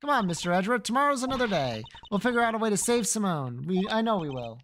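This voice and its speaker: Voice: mid-range voice, big pitch swings, quick pace, fairly bright tone, slight background noise. A streamer reading the lines of an upbeat young female sidekick from a video game, in an encouraging tone.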